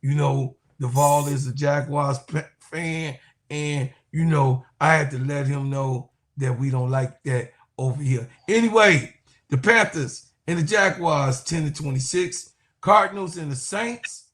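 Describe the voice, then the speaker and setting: A man's voice: fairly high pitch, unhurried, a bit bright. A man co-hosting a casual sports talk show, joking around and ribbing his co-host about her team.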